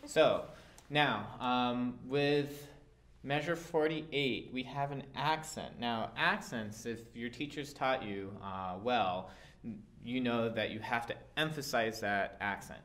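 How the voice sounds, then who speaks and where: A man's voice: medium pitch, slow pace, a bit bright. A man teaching a violin part, explaining dynamics patiently with occasional fillers. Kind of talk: instrument lesson.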